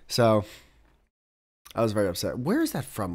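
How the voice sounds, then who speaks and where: A man's voice: on the low side, huge pitch swings, normal speed, slightly rough. A young man hosting a podcast in casual solo chat, rambling and swearing, laughing often and working himself up into exasperated rants. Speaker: podcast host.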